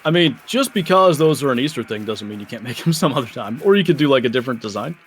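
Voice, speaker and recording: A man's voice: medium pitch, animated, fast, breathy edge. A young man chatting casually while livestreaming a game, rambling along with plenty of filler words. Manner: rambling, laid-back, lots of "like" fillers. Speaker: gaming streamer.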